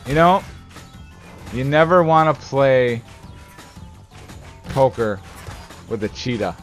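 Game music plays behind a man in a let's play who comments casually on his gameplay in a slow, mid-range voice. Animated and joking around, he swears and erupts in outbursts of mock anger.

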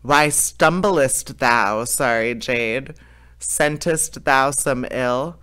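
A man voicing a menacing deathless sorcerer who speaks slowly and gravely in archaic words. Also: medium pitch, pushed and bright, lightly acted. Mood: stern.

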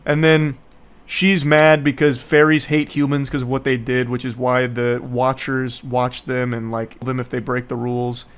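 A man's voice: medium pitch, completely flat delivery, moderate pace, smooth. A young man giving casual, sarcastic movie commentary in a rambling, mocking way. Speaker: YouTube commentator.

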